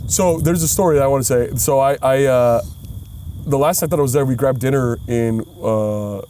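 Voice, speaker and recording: A man co-hosting a casual comedy podcast, telling a story in an animated way and acting out quoted voices. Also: medium pitch, moderate pace, a little hiss or hum. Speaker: podcast co-host.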